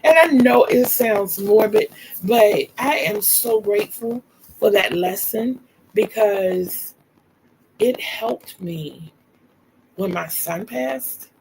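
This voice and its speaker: Gravelly-voiced woman telling stories. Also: mid-range voice, slight background noise, rough recording. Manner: warm storyteller, laughs often, talks to viewers as y'all. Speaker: livestream host. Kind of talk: casual storytelling chat.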